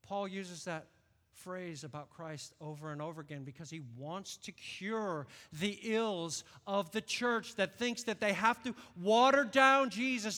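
High-voiced preaching man, echoing hall. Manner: preaching with shouted emphatic peaks. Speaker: pastor. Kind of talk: sermon. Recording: long hall reverb.

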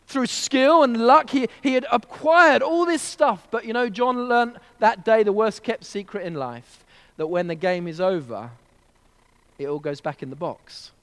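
High-voiced preacher in an echoing hall. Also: male voice, normal speed. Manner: earnest storyteller, gentle and direct with the congregation. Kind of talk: sermon at a child dedication service.

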